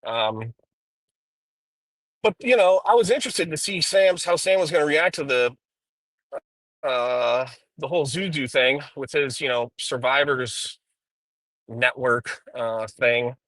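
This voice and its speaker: A man's voice: medium pitch, takes it slowly, long pauses, fairly bright tone, dry recording, poor audio. A man streaming live while driving, rambling through profane drama commentary with frequent ums. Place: inside a car.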